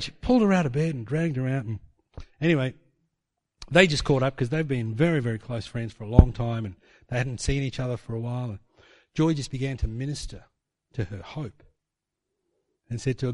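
A man's voice: mid-range voice, fairly quick, long pauses, darkish tone. A man preaching a sermon, telling stories and asking rhetorical questions. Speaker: pastor.

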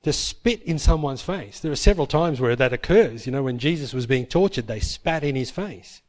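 A man preaching a sermon, retelling Bible stories with lively acted-out quotes. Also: medium pitch, moderate pace. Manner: lively storytelling, acts out biblical characters in quotes. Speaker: pastor.

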